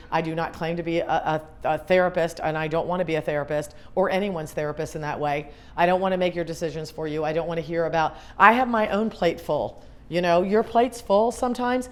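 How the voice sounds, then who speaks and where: Emphatic, earnest woman speaker. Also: on the low side. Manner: earnest, emphatic, repeats questions to the crowd. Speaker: grief specialist and speaker. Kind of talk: motivational talk to a live audience.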